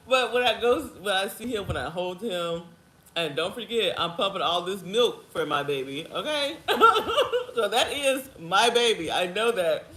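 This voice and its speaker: A woman in her thirties chatting casually to her viewers in an animated way, laughing often and calling them girl and honey. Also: lowish voice, slight background noise. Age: 30s. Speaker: vlogger. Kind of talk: casual chat to camera. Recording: echoey room with faint ambience.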